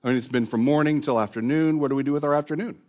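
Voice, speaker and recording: A man's voice: medium pitch, racing, darkish tone. A man preaching a sermon, earnest and building to emphatic repetition. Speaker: pastor.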